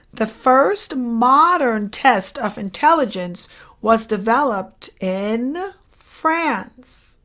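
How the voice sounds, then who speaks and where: A woman's voice: a little high, fairly bright tone. A woman lecturer going over exam questions, repeating each question and answer and checking in with the listener as she goes. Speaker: psychology lecturer. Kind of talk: exam review lesson.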